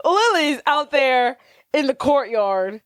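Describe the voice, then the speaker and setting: A woman's voice: high-pitched, takes it slowly, no echo, clean studio sound. A woman co-hosting a podcast, recapping a movie in casual, giggly chat and acting out the characters' lines. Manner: animated storytelling, giggly, acts out characters' lines. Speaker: podcast co-host.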